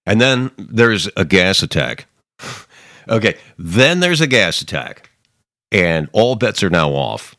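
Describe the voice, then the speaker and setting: A man's voice: low voice, very animated, slow pace, sharp tone, dry recording, studio quality. A middle-aged man hosting a podcast, giving rambling, emphatic political commentary with many restarts and mocking asides. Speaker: podcast host.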